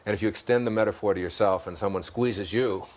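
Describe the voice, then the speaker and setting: A man with a Detroit accent, a guest in an interview, speaking in an unhurried, musing way and chuckling at his own jokes. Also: lowish voice, fairly even intonation. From Detroit, United States. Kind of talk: reflective interview talk.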